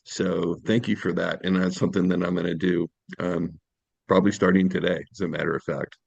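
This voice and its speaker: Deep gravelly man, friendly and halting, on a dry, muffled video-call line. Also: level tone, no echo. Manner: friendly, hesitant, many fillers and restarts. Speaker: workshop participant in medical sales. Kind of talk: casual comment in an online meeting.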